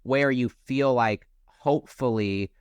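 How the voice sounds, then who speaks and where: A man's voice: mid-range voice, slow, clean tone, no room sound, studio quality. A man co-hosting a podcast, speaking casually in a rambling, hesitant way with frequent restarts. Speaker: podcast co-host.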